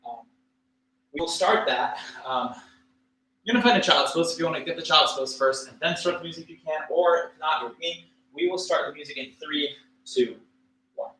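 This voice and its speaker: A man teaching a livestreamed yoga class, cueing poses and breaths in a relaxed, casual way with fillers and small jokes. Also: a little high, normal speed. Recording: echoey room with faint ambient noise.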